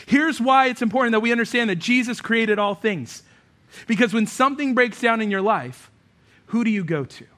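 A man with a high, bright voice preaches in a conversational, emphatic style. He drops into quick imagined voices of doubters and then returns to his point. This is a pastor addressing his congregation. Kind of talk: sermon. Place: church hall, also streamed online.

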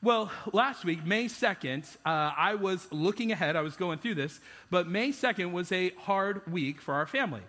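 A man's voice: high-pitched, lively intonation, normal speed, few pauses, bright, forceful tone, in a large hall. A man preaching a sermon as pastor, conversational and self-deprecating, often restarting his sentences.

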